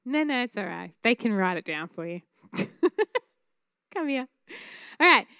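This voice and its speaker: A woman teaching a church class on prophetic prayer, speaking in an earnest, conversational way with frequent fillers and quick laughs. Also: on the high side, animated, pushed and bright, clear, resonant tone, no echo.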